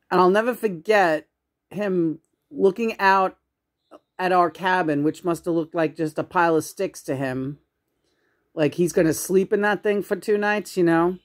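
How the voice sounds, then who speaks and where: A woman's voice: on the low side, measured pace, long pauses. A woman telling casual family stories at a home memorial in a rambling way, with many fillers and restarts. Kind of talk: casual storytelling.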